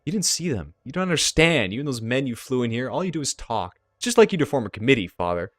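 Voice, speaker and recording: A man's voice: medium pitch, very animated, fast, dry recording, clean studio sound. A man voicing a haunted, frightened young female elf who talks shakily and urgently. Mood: bitter. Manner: shaky, urgent, fearful.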